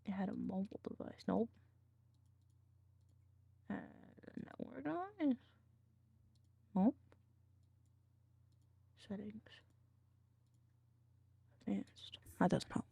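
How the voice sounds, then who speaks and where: A woman's voice: mid-range voice, lively intonation, drawn-out words, gravelly, long pauses, mellow, slightly rough, dry recording. Cranky muttering woman streamer. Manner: cranky, rambling, swearing, mutters to herself. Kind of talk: casual stream chat.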